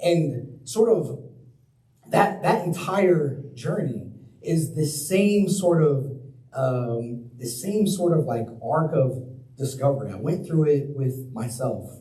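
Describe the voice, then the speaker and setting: Speaking as a guest in a planetarium lecture hall, a young man shares his personal story in a relaxed, chatty way. His voice is medium-pitched and warm, picked up by a distant mic in the roomy hall.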